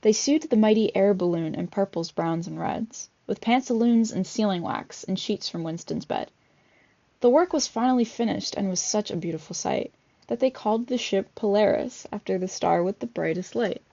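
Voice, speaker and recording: A woman vlogger reads a picture book aloud, dropping chatty asides and fillers between pages. Her medium-pitched voice is mellow and creaky at a normal speed, and the recording sounds dull and lo-fi.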